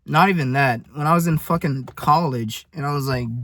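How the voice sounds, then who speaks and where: A man's voice: mid-range voice, moderate pace, hardly any pauses, a bit bright, dry recording. A nineteen-year-old man rambling in a casual video diary, earnest and full of swearing. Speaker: vlogger.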